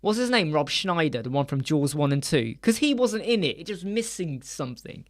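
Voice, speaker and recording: A man, hosting a casual live stream chat from a small room lined with soundproof panels, animated and acting out quoted voices. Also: a little high, moderate pace.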